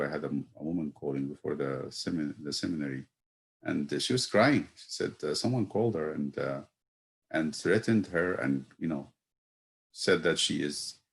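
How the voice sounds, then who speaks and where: Deep-voiced male priest, reflective teacher, halting delivery that rises into emphatic questions. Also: vocal fry. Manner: thoughtful, pausing with fillers, building to emphatic rhetorical questions. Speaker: priest teaching Bible study. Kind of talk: reflective Bible study lesson.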